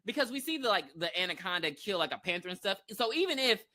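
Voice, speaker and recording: A woman co-hosts a podcast and recaps a film in loose, easygoing chat. Her bright voice swoops high and low as she laughs and acts out what the characters say. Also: very animated, quick pace. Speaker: podcast co-host. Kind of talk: casual movie recap chat.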